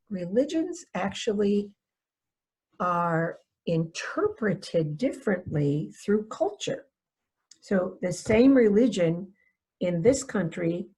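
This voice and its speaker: A woman's voice: lowish voice, slightly rough. A woman from North Dakota, a foster care trainer, giving a webinar talk in a conversational storytelling way, often checking in with "right?". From North Dakota, USA. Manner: conversational, asks rhetorical "right?" questions; storytelling with personal anecdotes.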